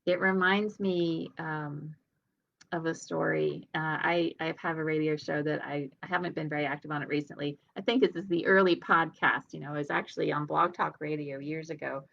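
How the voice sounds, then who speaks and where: A woman with a low, gravelly voice gives an earnest motivational talk in a conversational way, as a healer and coach. The sound is dull and lo-fi. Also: fairly even intonation, moderate pace, a bit bright. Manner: earnest, conversational, laughs lightly.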